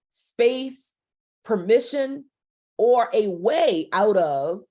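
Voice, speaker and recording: A woman in midlife lectures on public speaking with expressive control. She drops low and slow, then lifts into a brighter, quicker delivery to show the contrast. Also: slightly rough. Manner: dynamic, shifts volume and pace to demonstrate. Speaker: speaker trainer.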